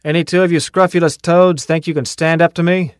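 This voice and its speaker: A man's voice: mid-range voice, measured pace, smooth, no echo, clean studio sound, lightly acted. A man voicing a tough, cocky male drill sergeant who barks and taunts his recruits in an audiobook. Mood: taunting. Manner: barking, taunting commands.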